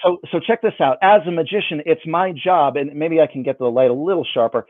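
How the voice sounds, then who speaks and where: Over a video call, a man performs magic for someone, keeping up playful, self-mocking patter. His voice is a little high and fairly quick, and the dry recording has a phone-like band.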